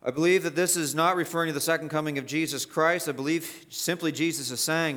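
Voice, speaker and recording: A man's voice: a little high, fairly even intonation, fast talker, fairly bright tone. A male pastor preaching an expository sermon, emphatic and repetitive, rising sharply to stress key points.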